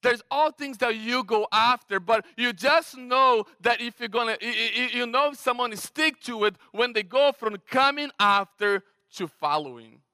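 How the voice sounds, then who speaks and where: High, bright Brazilian-accented preacher. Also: male voice, moderate pace, hardly any pauses, clear, resonant tone. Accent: Brazilian Portuguese. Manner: conversational, animated preaching with frequent restarts. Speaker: pastor. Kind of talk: sermon. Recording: long hall reverb.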